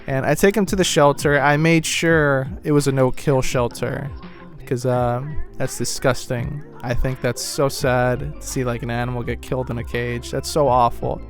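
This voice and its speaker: A young man telling a personal story in a rambling, casual way, full of "like" and "you know", moving between glum and excited. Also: medium pitch, normal speed, faint music behind. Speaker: vlogger.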